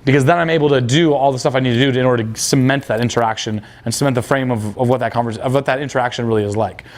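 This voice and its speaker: A man's voice: mid-range voice, very fast. A young man coaching on dating, blunt and crude, acting out quoted dialogue. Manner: blunt, casual, crude slang. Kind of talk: coaching talk.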